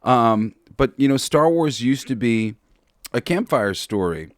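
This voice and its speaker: A man hosting a podcast in a casual commentary style. He talks in an earnest, halting way, restarting often, and swears bluntly now and then. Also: medium pitch, lively intonation, no echo, clean studio sound. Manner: halting and tongue-tied, with frequent restarts. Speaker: podcast host.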